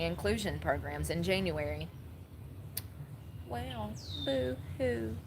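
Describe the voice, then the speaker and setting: A woman's voice: lowish voice, background noise. A woman giving blunt, sassy casual commentary, laughing often.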